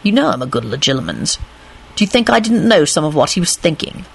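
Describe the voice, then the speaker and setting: A woman voicing a blunt, sardonic man who speaks gruffly and curtly. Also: deep voice, sing-song, fast talker, heavily acted. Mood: scolding.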